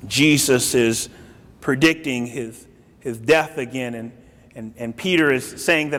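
A male pastor preaching a sermon, telling the story dramatically and swinging from loud lines to hushed ones. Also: mid-range voice, unhurried. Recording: long hall reverb.

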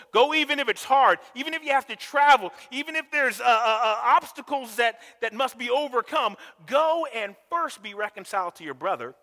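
Male pastor preaching, very high bright voice, emphatic repeats, long church reverb. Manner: emphatic, repeats words, asks the congregation to answer. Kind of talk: sermon.

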